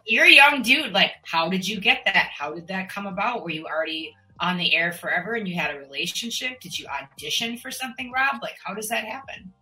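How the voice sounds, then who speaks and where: Bright-voiced chatty woman podcast host. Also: medium pitch, fairly quick, hardly any pauses, faint music behind, poor audio. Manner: chatty, animated, rambling. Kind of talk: casual interview chat.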